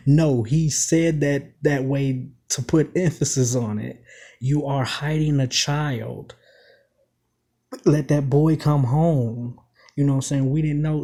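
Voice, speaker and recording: Male commentator with a somewhat high, mellow voice, casually and emphatically unpacking rap lyrics. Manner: emphatic, repeats quoted lines, keeps asking "you know what I'm saying".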